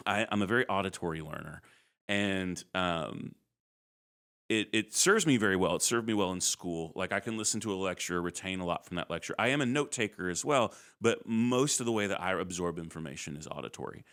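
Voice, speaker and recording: Deep-voiced, lively male podcast co-host. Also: a little fast. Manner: warm, animated, laughs often. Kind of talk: casual chat.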